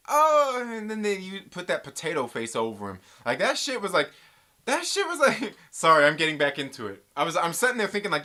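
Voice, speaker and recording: A YouTube reviewer giving a casual, ranting review, joking and swearing, full of slang like "dude" and "bro". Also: mid-range voice. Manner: animated, profane, joking rants. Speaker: YouTube pop-culture reviewer.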